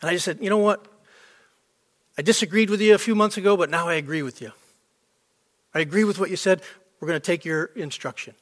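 A man's voice: high voice, quick pace, pauses often, a bit bright. A man preaching a sermon to a congregation, emphatic and repetitive for stress. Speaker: pastor. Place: church sanctuary. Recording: long hall reverb.

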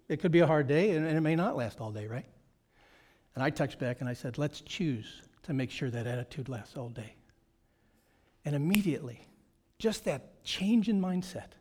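High-voiced man preaching emphatically. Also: a little mellow. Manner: emphatic, conversational preaching with repeated phrases. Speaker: pastor. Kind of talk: sermon.

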